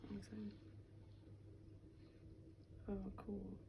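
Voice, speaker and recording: A young woman in casual chat as an interviewee, talking outdoors on a city street, chatty and quick to laugh, with lots of fillers. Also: medium pitch, completely flat delivery, vocal fry, noisy background. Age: young adult.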